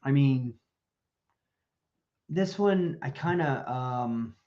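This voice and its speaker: A man chatting bluntly on a live podcast, swearing freely and rambling through his thoughts. His voice sits at an ordinary pitch. The remote audio comes through a little muffled. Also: lively intonation, extremely slow. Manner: blunt, profane, rambling with fillers. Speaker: podcast co-host. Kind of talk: casual live-stream chat.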